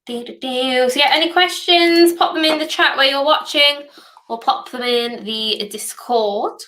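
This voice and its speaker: A young woman from northeast England with a softened Geordie accent and a sore throat, chatting casually as host of a hackathon livestream Q&A. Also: high-pitched, unhurried. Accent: softened Geordie, somewhat posh. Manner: chatty, reads questions aloud, hums while waiting.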